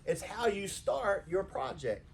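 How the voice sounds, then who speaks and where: A man delivers an informal sermon in a church, his pitch rising and falling in lively arcs. His voice sits a little high for a man, and he slips into playful voices when he quotes people. A faint hum of the room sits underneath. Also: measured pace, gravelly. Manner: animated, conversational, acts out quoted voices. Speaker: pastor. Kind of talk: informal sermon to a small congregation.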